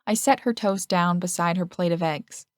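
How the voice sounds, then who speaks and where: Woman narrating an audiobook, low and dry. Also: normal speed, no room sound. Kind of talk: first-person audiobook narration.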